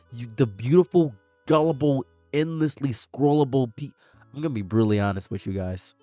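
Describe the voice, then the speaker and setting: A man ranting in a sarcastic, theatrical commentary voice, dropping to hushed mutters and then bursting into shouts. His pitch moves all over the place. The recording is dry and close, with faint music playing underneath. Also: animated, normal speed, dry recording. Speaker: commentary YouTuber.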